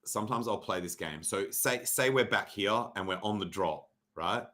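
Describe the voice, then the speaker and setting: A young adult man hosting a casual livestream, sarcastic and mock-dramatic, swearing freely and often clearing his throat. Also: fairly low pitch, moderate pace, bright, forceful tone. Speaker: livestream host reviewing crypto charts. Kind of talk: casual livestream chart talk.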